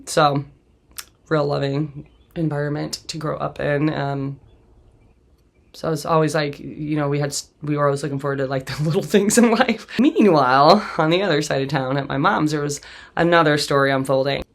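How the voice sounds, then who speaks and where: A woman in her forties tells her own life story as a podcast host. Her voice is gravelly, with plenty of vocal fry. She talks bluntly and with swearing, often laughing through painful memories. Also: low-pitched, steady tone, moderate pace. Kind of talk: candid personal storytelling.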